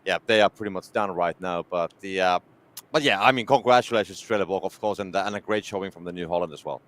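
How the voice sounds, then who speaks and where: A man giving a relaxed post-match analysis of an esports final, with hesitant, filler-heavy phrasing. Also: deep voice, fast.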